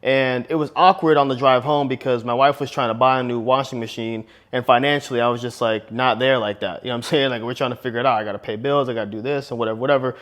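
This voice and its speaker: A man's voice: mid-range voice, steady tone, quick pace, few pauses, a bit bright. A young man, a married relationship vlogger, giving casual advice and telling a story, slangy and punchy, dropping bro and man.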